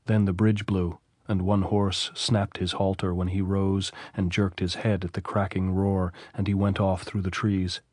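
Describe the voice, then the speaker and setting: A man narrating a classic novel as an audiobook, in a steady, measured reading. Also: sits low, no room sound, studio quality.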